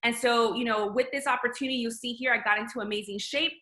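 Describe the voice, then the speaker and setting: A woman's voice: fairly high pitch, fairly even intonation, fast, bright, forceful tone. Upbeat woman host in an echoey room. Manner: upbeat, enthusiastic, repeats "amazing". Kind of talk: presentation on a group call.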